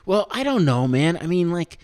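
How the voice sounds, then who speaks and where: Canadian male co-host, animated and jokey, quick to laugh, lots of pitch movement. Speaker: podcast co-host. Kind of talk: casual podcast chat.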